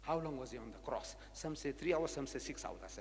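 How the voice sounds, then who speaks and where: A South African man giving a public lecture, animated and rhetorical, repeating phrases for emphasis. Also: mid-range voice, fast, slight background noise. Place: lecture hall. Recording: echoey lecture hall.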